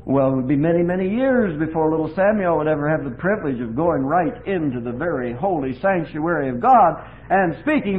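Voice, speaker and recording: A man's voice: fairly high pitch, animated, fairly quick, gravelly, few pauses. A man preaching a folksy sermon, telling homespun stories with repetitive emphasis, on a phone-like lo-fi recording with faint hiss.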